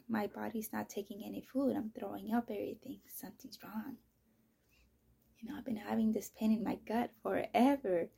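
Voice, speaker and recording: Gravelly, husky woman telling a rambling story. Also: medium pitch. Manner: profane, rambling, full of "you know" and "like"; drifts into soft, breathy near-whispers. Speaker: podcast host. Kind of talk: casual personal storytelling.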